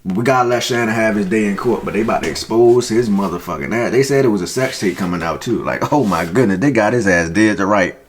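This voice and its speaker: A man's voice: lowish voice, fast talker, hardly any pauses. A man hosting a reaction video, casually commenting in profane, slangy, joking asides and talking straight to the person on screen.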